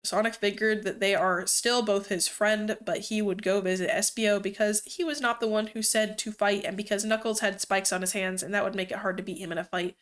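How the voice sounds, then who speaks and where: A woman's voice: medium pitch, fairly even intonation, fairly quick, few pauses, fairly bright tone. Young woman reading fanfiction aloud. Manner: amused, breaks off to comment. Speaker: streamer.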